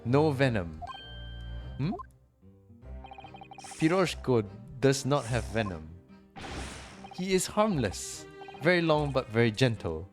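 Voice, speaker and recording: A man's voice: medium pitch, very animated, soft background music, voice pushed up. A man voicing a burly, blunt female circus performer who speaks in broken English. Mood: insistent. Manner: broken English, slow emphatic.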